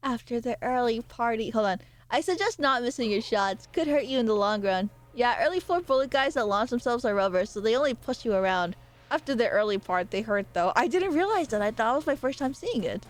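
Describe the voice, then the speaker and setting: Young woman streamer, high voice, excitable, loud playful outbursts, casual gaming commentary. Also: brisk.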